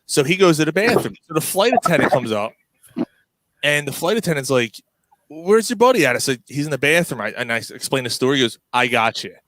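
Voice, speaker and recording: A man's voice: medium pitch, animated, fast talker, fairly bright tone, no room sound. A man hosting a casual chat, telling a long story with many restarts and laughs. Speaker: podcast host.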